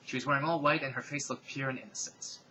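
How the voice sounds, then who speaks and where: A man reading fan fiction aloud in a comedic, dramatic style. He cuts in with deadpan, sarcastic remarks. His voice is bright and crisp over faint room noise. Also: medium pitch, fast, poor audio.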